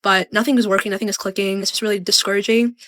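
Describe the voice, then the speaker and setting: A woman's voice: medium pitch, steady tone, rapid-fire, fairly bright tone, dry recording. A woman in her twenties vlogging earnestly and sounding discouraged. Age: 20s. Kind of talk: vlog.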